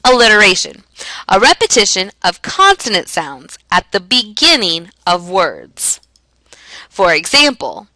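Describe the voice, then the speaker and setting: A woman teacher explaining a lesson in a clear, emphatic way, asking and answering her own questions. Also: mid-range voice, big pitch swings, unhurried, bright, forceful tone, dry recording, rough recording. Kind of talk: classroom lesson narration.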